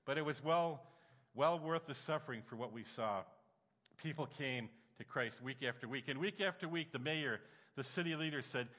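A man preaching a sermon, telling a story with emotion and lively exclamations. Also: medium pitch, normal speed. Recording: long hall reverb.

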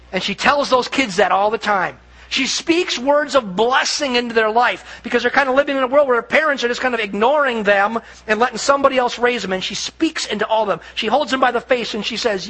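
Sex: man. Role: pastor. Style: conversational sermon. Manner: restarts, emphatic repeats. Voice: high-pitched. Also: a little fast, bright, forceful tone, poor audio. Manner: conversational storytelling, frequent restarts and emphatic repetition.

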